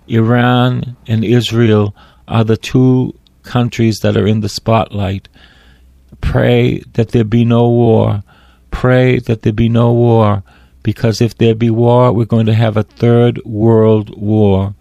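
A man's voice: medium pitch, level tone, vocal fry, warm tone, no echo. A man preaching and praying in a fervent, solemn way, often repeating phrases for emphasis. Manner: fervent, slow and solemn in prayer. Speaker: radio preacher. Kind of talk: prayer and sermon.

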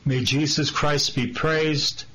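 A man preaching a sermon as a priest, slow and earnest, pressing his listeners with direct questions. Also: a little high, fairly even intonation, very noisy.

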